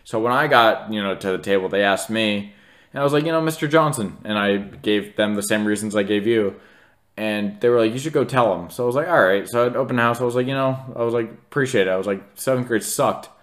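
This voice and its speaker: A man's voice: lowish voice, brisk, a bit bright. A young man in his twenties co-hosting a podcast, telling a story in casual, rambling chat full of fillers and acted-out quotes. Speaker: podcast co-host.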